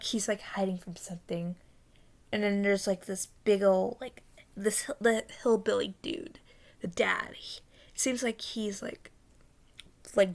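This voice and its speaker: Young woman with a gravelly fry. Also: mid-range voice, a bit bright. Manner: rambling, halting, full of fillers, dips into whispers. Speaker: vlogger recounting a dream. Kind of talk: casual storytelling.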